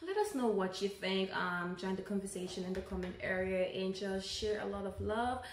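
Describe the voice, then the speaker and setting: A woman co-hosts a relaxed podcast conversation, chatty and laughing easily. Her voice carries some room echo. A faint background noise sits under it. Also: mid-range voice, normal speed. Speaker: podcast co-host. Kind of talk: casual chat.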